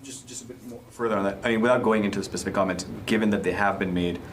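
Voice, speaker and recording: Deep-voiced reporter asking probing questions. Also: male voice, little pitch movement. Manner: measured, probing follow-ups. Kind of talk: question at press briefing.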